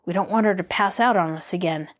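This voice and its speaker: A woman's voice: fairly low pitch, fast, natural voice. A woman reading the part of a scheming young male kidnapper in an audiobook, speaking in a sly, demanding way.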